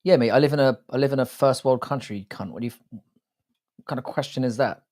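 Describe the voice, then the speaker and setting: A man's voice: mid-range voice, fairly quick, a little mellow. A British man hosting a live stream, chatting casually and swearing often while greeting viewers by name.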